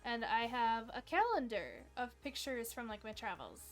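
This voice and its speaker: A young woman with a fairly high voice hosts a livestream trivia game in a chatty, upbeat way. She fills her talk with "like" and asides to viewers. Soft music plays faintly behind her. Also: big pitch swings, moderate pace. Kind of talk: casual livestream chat.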